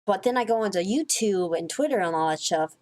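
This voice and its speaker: A woman's voice: medium pitch, lively intonation, fairly quick, a little mellow. A woman vlogger telling a rambling, profane story in a casual monologue, full of swearing, fillers and restarts.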